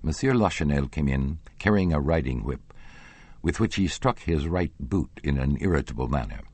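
A man reading a classic novel aloud as an audiobook narrator, expressive and lively. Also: very deep voice, moderate pace, dry recording.

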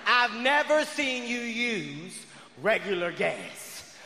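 Guy doing stand-up, high voice bouncing all over, yelling a lot, big hall echo. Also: fairly quick, a little hiss or hum. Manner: loud, animated, often shouting. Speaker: stand-up comedian. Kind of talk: stand-up comedy routine. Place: large venue before a live audience. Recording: long reverb of a large hall.

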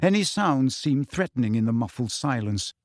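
A man reading a novel aloud in steady, scripted audiobook narration. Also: mid-range voice, moderate pace, no room sound. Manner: steady storytelling. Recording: dry close studio sound.

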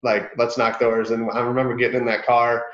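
A man's voice: mid-range voice, a little fast. Guy from michigan telling sales stories on a video call, roomy echo, kinda muffled. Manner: animated storyteller, acts out quotes. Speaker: guest, sales professional. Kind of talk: casual podcast interview.

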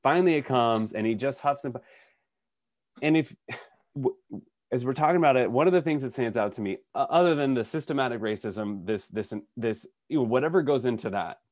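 A man of middle pitch tells a story on a podcast in a loose, conversational way. He acts out the lines of the people in his story and often restarts his sentences. The sound is dry and close. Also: a little fast, dry recording. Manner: animated storyteller who acts out quotes, with frequent restarts. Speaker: podcast co-host.

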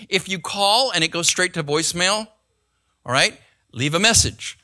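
A man's voice: sits high, moderate pace, pushed and bright. An older man, a pastor, preaching a sermon in a conversational way and checking in with the congregation as he goes.

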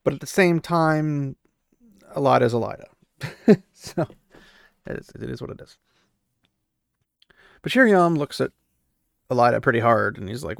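A man's voice: mid-range voice, lively intonation, normal speed, gravelly, pauses often, no room sound, studio quality. A man casually recapping a fantasy novel, chatty and opinionated, acting out characters' lines as he goes. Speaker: book recap commentator.

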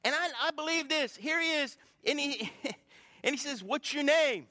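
A man's voice: extremely high pitch, normal speed, bright, forceful tone. A man preaching a sermon as pastor, calling out questions to the congregation. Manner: preaching with call-and-response to congregation. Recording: long hall reverb from a church.

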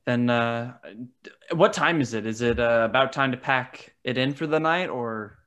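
A man playing a tabletop game, talking casually and haltingly. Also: mid-range voice, a bit bright, smooth. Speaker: player.

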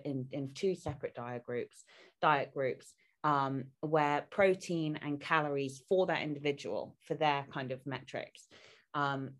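Woman coach from the UK with a low voice, earnest podcast chat, stops and restarts. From United Kingdom. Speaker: podcast co-host, fitness coach.

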